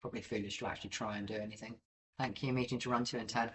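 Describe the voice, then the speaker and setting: A man's voice: fairly low pitch, steady tone, racing, a bit bright, far from the mic, a little hiss or hum, poor audio. A man giving casual live-stream market commentary over charts, rambling and self-deprecating with many filler ums. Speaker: livestream crypto chart analyst.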